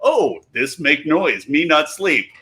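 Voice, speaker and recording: A man voicing his own primitive male id, talking in broken caveman grammar, slow and blunt. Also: fairly high pitch, big pitch swings, pushed and bright, full character voice. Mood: dim. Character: dim primitive male id, caveman-brained urge.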